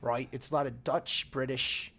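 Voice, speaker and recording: A man's voice: medium pitch, normal speed, creaky. A middle-aged man, a comedian guest in casual podcast chat, riffing and swearing as he tells stories. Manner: animated, profane, riffing storyteller.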